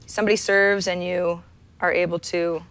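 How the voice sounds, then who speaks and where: A woman's voice: lowish voice, level tone, moderate pace, fairly bright tone, clean tone. A woman co-hosting a tech talk show in casual chat, self-deprecating and chatty, often restarting her sentences. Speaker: podcast co-host.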